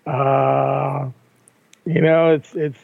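A man's voice: mid-range voice, level tone, extremely slow, vocal fry, no room sound. An older man co-hosting a casual podcast, talking in rambling sentences with frequent restarts and repeated words. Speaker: podcast co-host. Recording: tinny phone-like line, dry.

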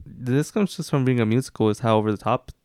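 Man, smooth clear voice, laid-back, hesitant, casual movie chat. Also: mid-range voice, quick pace, darkish tone, no echo, studio quality.

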